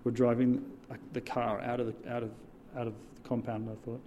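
A church deacon with a medium-pitched voice speaks briskly, telling an animated sermon story and drawing responses from his listeners, against a noisy background.

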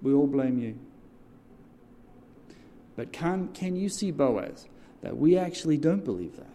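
At a measured pace and with a voice on the high side, a deacon animatedly recounts a story during a sermon, prompting his congregation to respond. Slight hiss or hum sits in the recording.

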